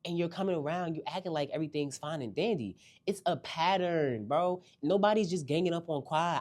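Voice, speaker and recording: A man hosting a casual reality TV recap, animated and slangy, talking straight to his viewers. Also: fairly high pitch, fast, few pauses.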